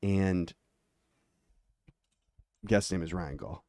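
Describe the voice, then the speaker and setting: A male podcast host from the East Coast, chatting casually and throwing in quick, jokey interjections. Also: low voice, mellow, no echo, clean studio sound. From East Coast, USA.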